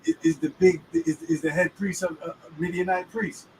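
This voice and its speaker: In a moving car, a man hosts a casual chat about the weekly Torah portion, speaking in street slang and often checking that the listener is following. His voice is high and sing-song, with a creaky, darkish tone and a moderate pace. A distant mic picks him up along with faint road noise.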